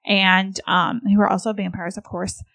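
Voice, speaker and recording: A woman's voice: medium pitch, flat delivery, normal speed, creaky, fairly bright tone. A woman co-hosting a casual talk about a novel. She is chatty and easygoing, with a mid-range voice, and now and then slips into characters' lines. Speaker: podcast co-host. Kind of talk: casual book discussion.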